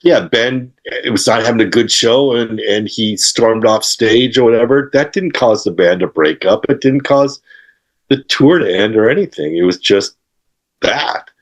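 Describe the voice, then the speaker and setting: An older man as an interview guest, telling studio stories in a rambling, halting way, with many fillers and restarts. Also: fairly low pitch. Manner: acts out quotes and laughs while telling stories. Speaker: interview guest, guitarist and author. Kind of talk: casual interview storytelling.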